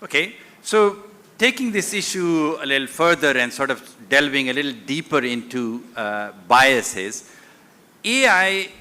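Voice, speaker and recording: A man's voice: medium pitch, expressive, measured pace, sharp tone. A man moderating a conference panel, asking probing questions.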